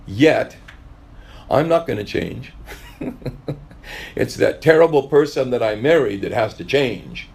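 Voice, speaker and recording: A pastor delivering a sermon in a relaxed, conversational style. His voice sits in an ordinary middle pitch for a man, and he slips into the voices of the people he quotes. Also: slightly rough.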